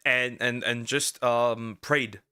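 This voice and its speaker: A man streaming as a vtuber, talking in casual react commentary, rambling and halting with lots of fillers and restarts and speaking out bluntly. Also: medium pitch, steady tone, pushed and bright, smooth. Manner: outspoken, ranting.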